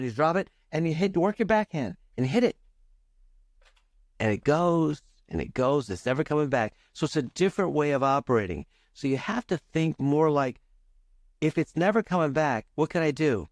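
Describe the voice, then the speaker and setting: A man, a charisma coach and podcast guest, talking with playful energy and varying his speed and pitch for emphasis. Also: darkish tone, dry recording, studio quality. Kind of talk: animated podcast coaching talk.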